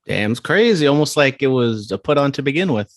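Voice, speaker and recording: A man's voice: mid-range voice, lively intonation, a little fast, no room sound, clean studio sound. A man co-hosting a wrestling podcast in casual chat, with wry, sarcastic asides. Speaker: podcast co-host.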